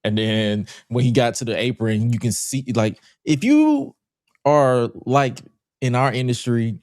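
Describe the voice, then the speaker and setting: A man's voice: medium pitch, animated, a little slow, a little mellow, no echo, clean studio sound. A man co-hosting a casual podcast, talking loosely with slang and lots of filler words. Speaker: podcast co-host.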